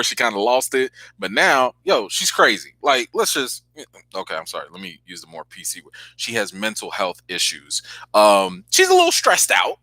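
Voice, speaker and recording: A man hosts a live reaction chat and calls out to his viewers. His bright, forceful voice leaps around in pitch. The sound is dry and close. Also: dry recording. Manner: animated, exclaiming, talks straight to viewers. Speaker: host.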